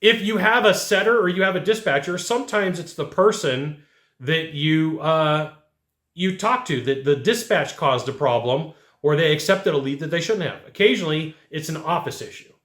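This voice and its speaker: Guy coaching salespeople straight to camera, blunt and chatty, voice a bit high, echoey room. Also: expressive, moderate pace, fairly bright tone. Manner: blunt, conversational, rhetorical questions. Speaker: sales trainer. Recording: roomy echo.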